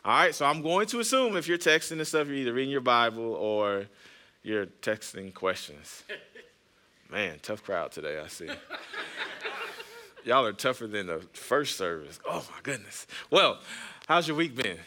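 Man, pastor, thirties, chatty storytelling sermon, bright tense tone. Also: mid-range voice, expressive, unhurried. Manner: chatty, jokes with the congregation. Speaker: pastor and podcast host. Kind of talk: conversational sermon with personal stories.

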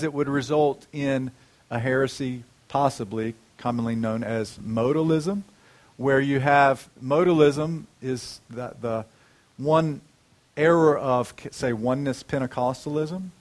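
A man preaching a sermon, asking the congregation questions and slowing down to stress key words. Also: a little high.

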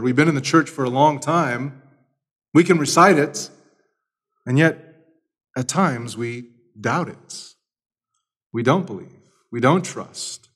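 A man preaching an expository sermon, speaking emphatically, swinging between loud and quiet, and repeating key phrases. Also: mid-range voice, slightly rough. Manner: emphatic preaching with lively shifts in loudness. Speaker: pastor.

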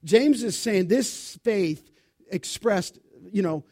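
Male pastor, high voice, unhurried delivery, emphatic sermon with rhetorical questions. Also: expressive, a little mellow. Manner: emphatic, asks rhetorical questions and answers them. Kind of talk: expository sermon. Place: church.

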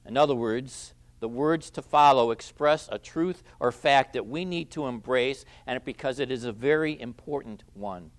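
A man preaching an expository sermon, who stresses key phrases loudly, repeats them and lets his phrase endings drop quiet. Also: medium pitch, normal speed, hardly any pauses. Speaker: pastor.

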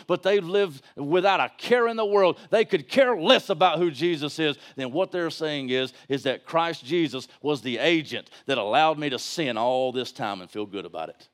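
Pastor on a church stage, high voice, preaching with fire and hushed asides, lots of repeats and rhetorical questions. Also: male voice. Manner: emphatic preaching, swings from shouting to hushed. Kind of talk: sermon.

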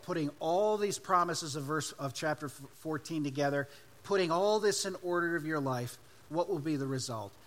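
Male preacher, higher-pitched, emphatic sermon delivery. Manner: emphatic preaching, swinging between loud and hushed. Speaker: pastor.

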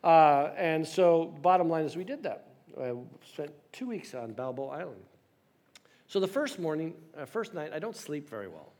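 A man in his sixties preaching a sermon. He tells a personal story and jokes at his own expense. His voice sits a little high for a man. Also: animated, normal speed, darkish tone. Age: 60s. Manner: storytelling, self-deprecating humor. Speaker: pastor.

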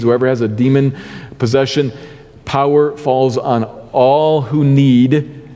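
A man preaching a sermon as pastor, deliberate and leaning on key words, slowing down to read scripture. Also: mid-range voice, a little mellow, in a large hall.

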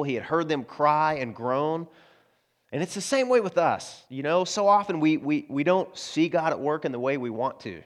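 A man preaching a sermon in a conversational way, talking straight to his congregation and acting out quoted voices. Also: fairly high pitch. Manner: conversational preaching, asides to the congregation, frequent restarts; acts out quoted voices in prayer and dialogue. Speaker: pastor.

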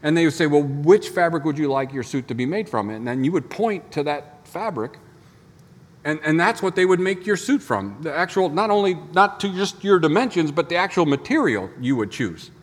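A man's voice: a little high, expressive, normal speed, big-room sound. A man preaching a sermon as pastor, in a conversational storytelling manner full of rhetorical questions. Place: church sanctuary.

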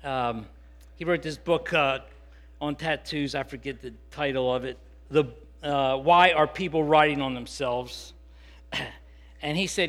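A man's voice: a little high, a little slow, long pauses, fairly bright tone. A man preaching a sermon, earnest and conversational, with fillers and restarts that build to emphatic, rising passages. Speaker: pastor.

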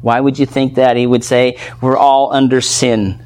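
A man's voice: medium pitch, level tone, normal speed, a little mellow. A man preaching a verse-by-verse sermon, teaching in a conversational way and often checking in with his listeners. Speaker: pastor. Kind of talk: expository sermon.

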